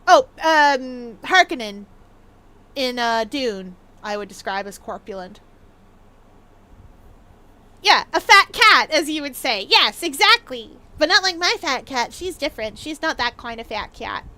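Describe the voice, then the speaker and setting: Woman game streamer, high pitch, bright, chatty and playful. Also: very animated, unhurried. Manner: chatty and playful, with frequent ums and laughs. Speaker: gaming streamer. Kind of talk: casual chat while live streaming a game.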